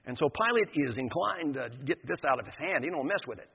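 A man's voice: fairly high pitch, lively intonation, fairly quick, vocal fry, slight background noise. An older man preaching a sermon, retelling a scripture story with vivid, emphatic storytelling. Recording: dull lo-fi sound in a reverberant hall.

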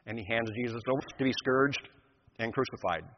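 A man's voice: medium pitch, a little fast. An older man preaching a sermon, retelling a scripture story with vivid, emphatic storytelling. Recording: dull lo-fi sound in a reverberant hall.

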